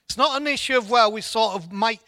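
A man's voice: very high voice, a little fast, pushed and bright, no room sound. A man giving an informal church Bible teaching in an earnest way, often repeating words as he restarts.

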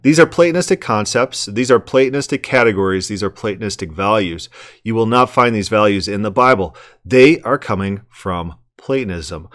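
A man's voice: on the low side, animated, normal speed, a bit bright. A man commenting on a sermon clip, emphatic and argumentative, asking rhetorical questions and often repeating words.

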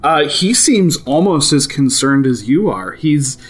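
A man running a tabletop game as game master, narrating in a relaxed, amused way with many fillers. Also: a little high, unhurried, slightly rough.

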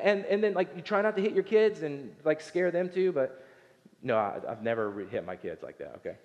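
A man in his thirties preaching a casual, conversational sermon, acting out voices from the story and talking with his congregation. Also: high voice. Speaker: pastor. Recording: long hall reverb.

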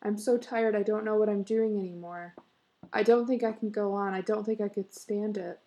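A woman's voice: mid-range voice, fairly even intonation, moderate pace, warm tone, natural voice. A woman voicing an anxious, worn-out young mother who pleads in a breathless way. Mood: weary sobbing.

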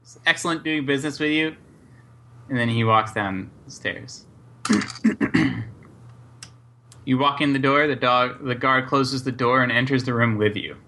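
A man narrating as game master in a tabletop game, halting and full of fillers. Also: medium pitch, pushed and bright. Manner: unhurried, halting, lots of fillers.

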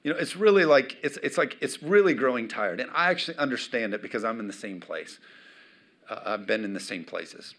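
A middle-aged man preaching a sermon as pastor, with emphatic swings between loud declarations and quiet asides. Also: mid-range voice, expressive, brisk.

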